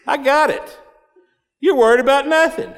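A man's voice: high voice, moderate pace, natural voice. A man voicing young David as a bold, cocky shepherd, paraphrasing him in folksy slang. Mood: confident. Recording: long hall reverb.

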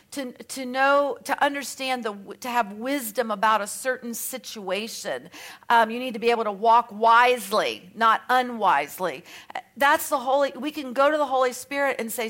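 A woman's voice: on the high side, expressive, normal speed, a bit bright. A woman with an Australian accent teaching on scripture in a chatty, conversational way, with light self-mocking asides. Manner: reads scripture aloud between remarks. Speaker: Bible teacher.

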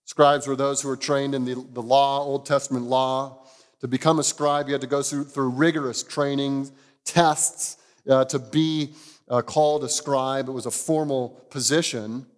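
A man, a pastor, giving an expository sermon, telling the story in an animated way and chuckling now and then. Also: mid-range voice, normal speed, in a large hall.

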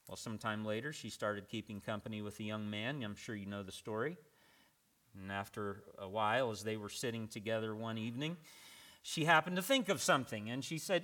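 Bright-voiced man preaching a sermon. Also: on the low side, fairly quick. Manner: conversational, folksy storyteller. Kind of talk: sermon with storytelling.

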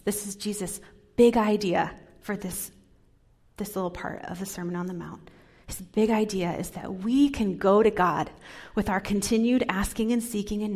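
Woman pastor, middle-aged, husky voice, gentle sermon delivery with whispered emphasis. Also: mid-range voice. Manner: soft, drops into whispers for emphasis.

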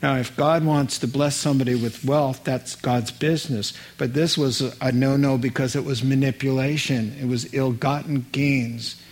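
A man's voice: mid-range voice, steady tone, moderate pace, few pauses. A male preacher delivering a sermon in an earnest, emphatic way, acting out scenes from a Bible story.

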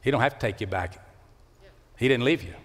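Male pastor, impassioned sermon, big dynamic swings, long church-hall reverb. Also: a little fast. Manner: impassioned, swings from loud rising calls to low hushed lines. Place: church sanctuary.

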